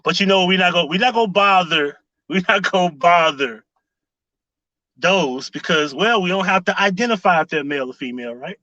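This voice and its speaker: Male streamer, high bright voice, sarcastic questions, dry close sound. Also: fairly quick, no echo, muffled recording. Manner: sarcastic rhetorical questions, greets chatters. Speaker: livestream commentary host. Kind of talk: casual live-stream commentary.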